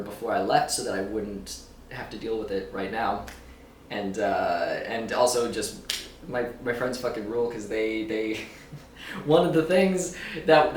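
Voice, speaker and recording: A man's voice: mid-range voice, recorded from a distance, a little hiss or hum. Rambling man vlogging in an echoey room. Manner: rambling, loose, swears and laughs often. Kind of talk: casual chat to camera. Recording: roomy echo, a bit off-mic, faint ambience.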